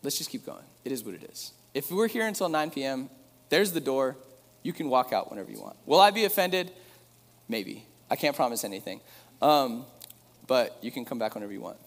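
A man's voice: mid-range voice, sing-song, a little fast. A man preaching a sermon in a casual, conversational way, with joking asides to the room. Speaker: pastor. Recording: long hall reverb.

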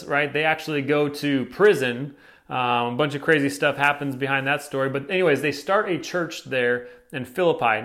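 Young male pastor, chatty, informal sermon delivery, slightly high voice. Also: a bit bright. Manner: conversational, frequent "right?" and "like". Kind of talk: casual sermon.

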